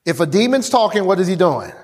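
Animated high-voiced male preacher. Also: fast talker, husky. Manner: animated, conversational, laughing asides. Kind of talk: sermon.

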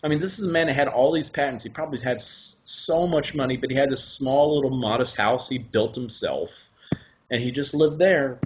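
A man from the American South telling stories in a casual chat, animated and quick to laugh, acting out what people said. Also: mid-range voice, highs cut off, background noise. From Huntsville, Alabama. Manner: animated storyteller, acts out quotes, laughs often. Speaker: stage actor guest.

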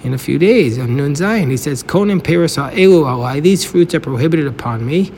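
A man's voice: a little high, animated, a little fast, darkish tone, slight background noise. A man giving a daily Talmud lesson, explaining step by step and weaving Hebrew and Aramaic terms into his English. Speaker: Talmud teacher. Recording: long hall reverb.

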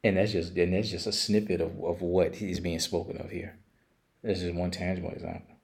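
A man's voice: sits low, little pitch movement, fairly quick, creaky, darkish tone. An older man leading a casual Bible study, reading verses aloud and then explaining them in plain everyday talk.

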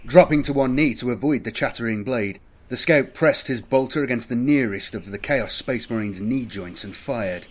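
A man giving steady, measured scripted narration of an audiobook. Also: medium pitch.

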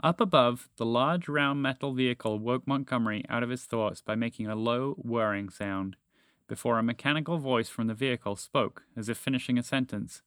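Man reading a storybook calmly. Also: mid-range voice, fairly quick, clean tone, no room sound, studio quality. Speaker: narrator. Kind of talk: storybook narration.

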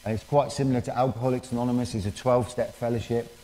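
Man, mid-pitched and mellow, candid church testimony, long hall reverb. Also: steady tone. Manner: candid, halting, many fillers. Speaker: speaker giving a testimony.

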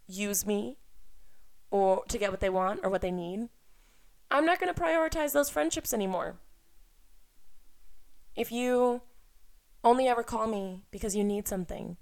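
A young woman hosting her own podcast alone, chatting casually, blunt and profane, with loud outbursts and muttered asides. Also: mid-range voice. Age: young adult. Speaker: podcast host. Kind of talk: casual solo podcast chat. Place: indoor room with an air conditioner.

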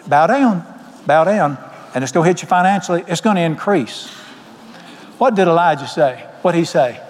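Preaching in a church sanctuary, a Southern US pastor delivers folksy, emphatic stories at a quick pace. His fairly high voice moves with lively intonation, echoing in the long reverb of a big hall.

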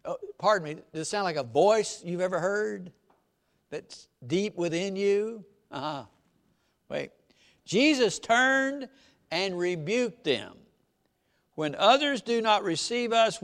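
A man delivers a sermon in a church, his voice pitched high for a man. He preaches in a folksy, conversational way, tossing rhetorical questions at the congregation. His pitch leaps up and down all the way through. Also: a bit bright. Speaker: pastor.

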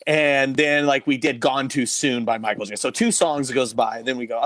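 A man, a former morning radio host, telling a story as a podcast guest in a casual, animated way, swearing freely. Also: normal speed, few pauses, no room sound. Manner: animated, swears freely, big swings in pitch and loudness.

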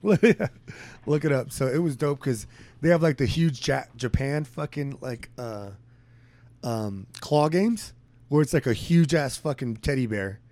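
A man's voice: medium pitch, measured pace, darkish tone, no echo. A young man chatting casually, laid-back and slangy, often trailing off. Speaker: friend in casual chat. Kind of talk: casual chat.

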